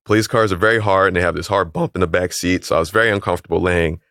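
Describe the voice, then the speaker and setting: Deep-voiced man telling his story. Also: no echo, clean studio sound. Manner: calm, measured retelling, acting out quoted voices. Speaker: interview guest, calisthenics league founder. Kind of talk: personal storytelling in an interview.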